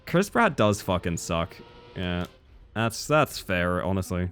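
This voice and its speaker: A man's voice: mid-range voice, very animated, moderate pace. A young man streaming a game live, chatting casually with viewers and swearing freely. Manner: casual and profane, reading and answering chat. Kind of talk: casual live-stream chat while gaming.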